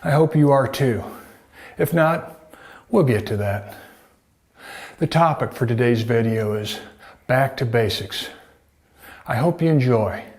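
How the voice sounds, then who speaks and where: A man who is a doctor talks straight to camera in a prepared health talk. His voice sits at an ordinary middle pitch. His tone is folksy, and he keeps throwing rhetorical questions at the listener. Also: a little mellow. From United States. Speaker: doctor presenting a health video.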